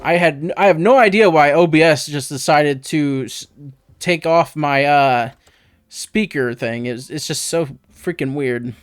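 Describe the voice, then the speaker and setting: A man's voice: on the high side, unhurried, smooth, dry recording, soft background music. A man hosting a let's play, giving casual gameplay commentary with rambling, offhand tips to viewers on a close mic.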